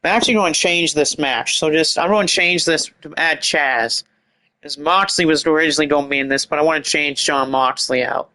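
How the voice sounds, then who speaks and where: A man giving excited, rambling play-by-play commentary over a wrestling game, with chatty asides. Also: fairly high pitch, fairly quick, low-quality recording.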